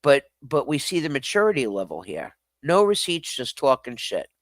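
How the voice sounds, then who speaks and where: A man's voice: medium pitch, wildly swooping pitch, moderate pace, dry recording. A man streaming live, reading chat comments aloud and answering them bluntly. He swears freely, laughs often and talks straight back to his viewers.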